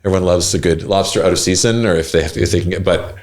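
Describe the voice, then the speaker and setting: Low-voiced man telling rambling stories. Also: racing. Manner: rambling storyteller with many fillers. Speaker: podcast guest. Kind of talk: casual chat.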